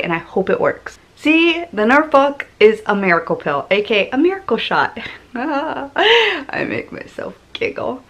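A woman's voice: on the low side, a bit bright, poor audio. A young woman vlogging casually to camera, talking candidly and chattily and swearing freely. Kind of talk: casual vlog talk to camera.

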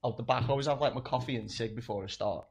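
A man's voice: mid-range voice, very fast, vocal fry, husky. A young man, telling stories in casual chat, swearing a lot and laughing through them. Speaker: guest comedian.

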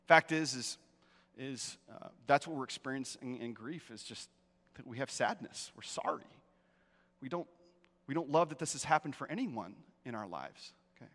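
A man's voice: fairly high pitch, lively intonation, normal speed, fairly bright tone, in a large hall. A middle-aged male pastor preaching a sermon in a church, emphatic, repeating key phrases and often checking in with the congregation. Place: church sanctuary.

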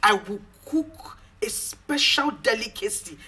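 A woman's voice: a little high, lively intonation, bright, forceful tone, breathy edge, heavily acted. An actress playing a cheerful, affectionate auntie with a Nigerian accent who laughs often as she talks. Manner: laughing, affectionate, slow and drawn out. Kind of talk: Nollywood film drama.

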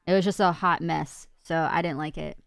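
A woman's voice: lowish voice, steady tone, moderate pace, gravelly, dry recording, studio quality. A woman co-hosting a casual panel chat, blunt and outspoken with her opinions. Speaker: co-host.

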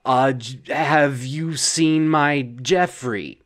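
A man voicing a polite gentleman in Naples who is searching for his lost pet, speaking oddly matter-of-fact. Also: mid-range voice, drawn-out words.

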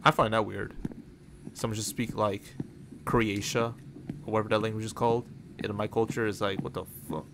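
A man with a fairly low voice talks his way through a horror game in loose, offhand commentary. He swears freely and drifts from one thought to the next. A steady bed of game ambience sits clearly under his voice. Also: normal speed, pauses often, noisy background. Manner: rambling, profane, offhand. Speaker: gaming channel host. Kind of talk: casual let's-play commentary.

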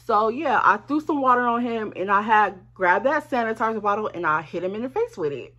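Animated woman telling a storytime. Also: medium pitch, fairly quick. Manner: animated, profane, talks straight to viewers. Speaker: vlogger. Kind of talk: casual storytime.

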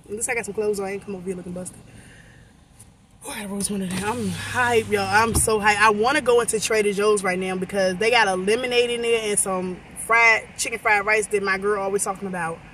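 A woman talking to her viewers in a casual vlog, excited and rambling, her voice getting worn. She talks into a handheld phone from inside a car. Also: mid-range voice, a little fast, slight background noise. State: losing her voice. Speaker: vlogger. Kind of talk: casual vlog chat to camera. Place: in a car in a shopping center lot. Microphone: phone camera held by hand.

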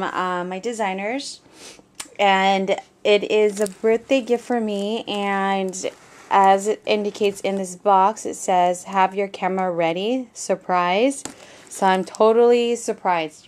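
Talking to her "guys" on her crafting vlog, a young woman opens a gift and keeps gushing "oh my gosh" at how surprised she is. Her voice is mid-range, and a little hiss or hum sits under the audio.

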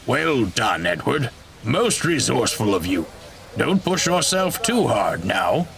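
A portly, pleased railway boss, played by a man for a storybook, approving and fatherly. He speaks slowly with a lively pitch. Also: gravelly, slight background noise, full character voice.

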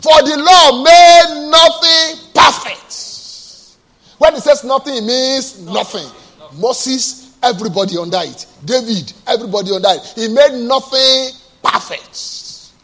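A man preaches with a raised, high voice that has a husky edge. He draws answers from his listeners and swings from quiet, low storytelling to sudden loud cries. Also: unhurried. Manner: call-and-response preaching, asks the congregation to answer; drops to a low soft storytelling voice, then bursts out loud. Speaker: pastor. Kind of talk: sermon.

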